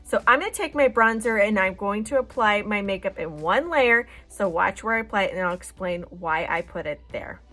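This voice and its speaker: A woman's voice: mid-range voice, expressive, moderate pace, hardly any pauses, a bit bright. A woman hosting a makeup tutorial, explaining each step in a chatty, reassuring way. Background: faint background music.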